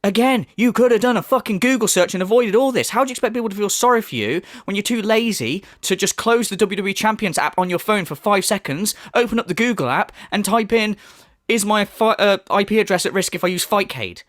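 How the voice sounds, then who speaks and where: A man's voice: high-pitched, brisk, a bit bright, dry recording, clean studio sound. A man hosting a reaction commentary, mocking and swearing with heavy sarcasm. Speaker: commentary channel host.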